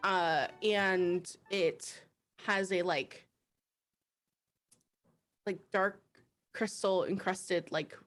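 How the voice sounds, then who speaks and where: A woman's voice: on the low side, fairly even intonation, very slow, pauses often, fairly bright tone, faint music behind. A woman playing a tabletop game, describing her character casually with lots of fillers. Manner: rambling with many fillers. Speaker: player.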